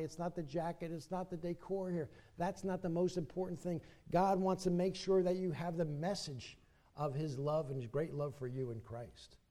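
A man's voice: fairly high pitch, mellow. A male pastor preaching an earnest sermon from the pulpit of a church, appealing to his listeners and reading scripture aloud. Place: church sanctuary.

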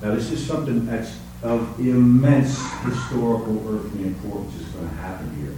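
Male preacher, sermon delivery, quiet then soaring emphasis, distant mic in a very echoey hall. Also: moderate pace, hardly any pauses, a little hiss or hum. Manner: swings from soft, low musings to high, emphatic preaching.

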